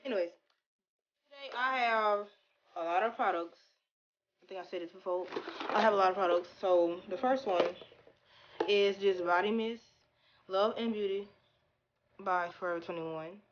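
A young woman chatting casually in a product review vlog. She talks stiffly with little mouth movement and sounds a bit flat. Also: mid-range voice, normal speed, long pauses, lo-fi sound. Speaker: beauty vlogger.

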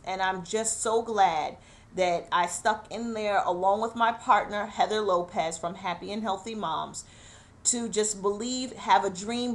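Earnest woman host, close to tears. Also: mid-range voice. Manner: emotional, fighting back tears; earnest and encouraging. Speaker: show host. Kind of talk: personal motivational talk.

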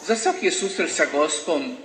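A man with a bright, forceful voice speaks to a congregation in short phrases, pausing after each for an interpreter. His voice carries a long hall reverb. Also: on the high side, animated, a little hiss or hum. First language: Croatian. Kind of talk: talk in church, paused for interpreting. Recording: echoey hall, voice roomy.

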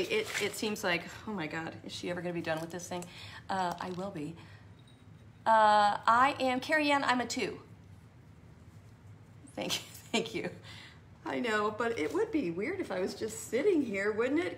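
A woman's voice: mid-range voice, fairly bright tone, slight background noise. A woman hosting a live craft tutorial, chatting and rambling as she answers viewers by name.

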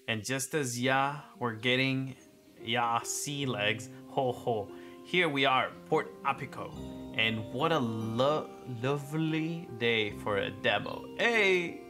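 A man's voice: medium pitch, normal speed, over music, close to an everyday voice. A man voicing a jolly old male sea skipper in a video game, with a hearty pirate-like drawl and chuckles.

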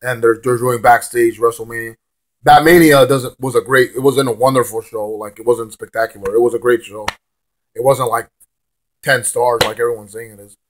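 A hoarse young man rants bluntly as a wrestling fan vlogger, stammering and repeating words, with some swearing. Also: medium pitch, steady tone, normal speed, slight background noise. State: hoarse, lost his voice. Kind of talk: casual ranting monologue.

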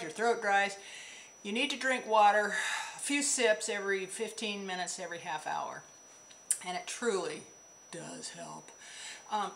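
A woman's voice: on the high side, pushed and bright, slight background noise, low-quality recording. A woman vlogger chatting casually to the camera, rambling with asides while she shows small items. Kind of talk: casual chat.

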